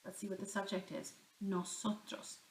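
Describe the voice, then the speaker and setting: A woman's voice: mid-range voice, little pitch movement, moderate pace. A woman teaching a Spanish grammar lesson, talking herself through each example and answering her own questions. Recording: echoey room.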